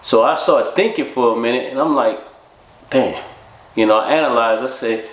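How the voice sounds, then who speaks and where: A man's voice: mid-range voice, moderate pace. Man telling his story in an echoey room. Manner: rambling, fills with "you know" and "man", acts out both sides of quoted talk. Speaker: storyteller recounting his own life. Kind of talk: casual spoken storytelling.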